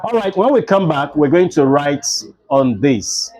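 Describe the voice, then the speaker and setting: A man's voice: a little high, a little slow, dull audio. A young adult man with a Nigerian English accent, a literature teacher lecturing a class and acting out the voices in his stories. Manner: animated storytelling, acts out dialogue.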